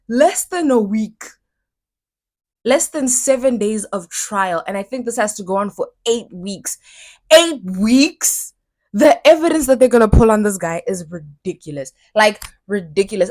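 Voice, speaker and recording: A young woman talks alone into her podcast mic, angry and blunt, swearing freely and repeating words to drive them home. Her voice sits in a middle pitch. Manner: heated, swearing, repeats phrases for emphasis. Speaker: podcast host. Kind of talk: solo podcast rant.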